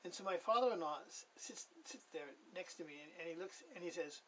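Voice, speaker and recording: A man's voice: high-pitched, fairly quick, fairly bright tone, distant mic, slight background noise, low-quality recording. A man telling his personal testimony in a casual, rambling way. He corrects himself often and chuckles as he goes.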